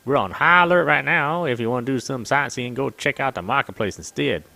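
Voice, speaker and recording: A man's voice: mid-range voice, a little fast, creaky, sharp tone, no room sound. A man voicing stern female desert guards in a game with a put-on American Southern accent, brusque and dismissive.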